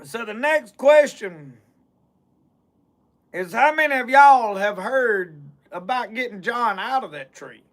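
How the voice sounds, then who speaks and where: A Southern man spins a comic hunting tall tale in a drawl, piling up clause after clause. His voice sits very high and bright, with a ringing edge. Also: slow pace. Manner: drawling, repeats "said" constantly. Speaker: storyteller.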